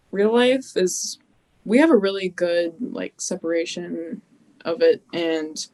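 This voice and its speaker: A young adult woman with a fairly low voice chats casually as a podcast guest in a low-quality recording. She's a bubbly storyteller who laughs a lot and acts out quotes in this relaxed interview.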